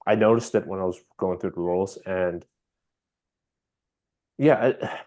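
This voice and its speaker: A man with a low voice chatting casually on a podcast. He often stumbles over repeated words while he works out what he thinks. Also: steady tone, quick pace, a little mellow. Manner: hesitant, repeats words, adds short backchannels. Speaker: podcast co-host.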